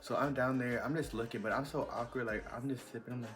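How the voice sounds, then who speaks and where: A young man telling a casual storytime vlog, chatty and animated with lots of fillers. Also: mid-range voice, fast talker, soft background music. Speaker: vlogger.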